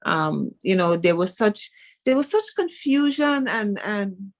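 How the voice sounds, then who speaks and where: A woman's voice: mid-range voice, very animated, unhurried. A woman hosting a radio interview, talking in a conversational, engaged way. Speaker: host.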